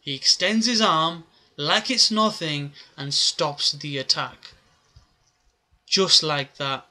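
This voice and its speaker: A man's voice: a little high, takes it slowly, pushed and bright. A man giving a casual, rambling recap of a comic chapter, with many filler words. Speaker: manga reviewer.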